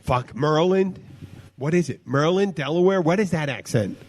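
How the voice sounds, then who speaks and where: A man's voice: a little high, lively intonation, darkish tone. Rambling, swearing male podcast host. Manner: rambling, halting, lots of fillers and restarts; swears freely. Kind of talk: casual podcast chat.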